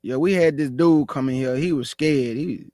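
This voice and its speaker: A man with a Houston, Texas accent hosting a religious talk show, speaking with forceful passion and aggression. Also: mid-range voice, moderate pace, dry recording, studio quality. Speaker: show host.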